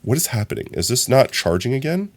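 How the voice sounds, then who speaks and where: A young man chatting casually on his live stream, telling stories in an animated, rambling way full of fillers. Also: medium pitch, quick pace. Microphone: streaming from a phone.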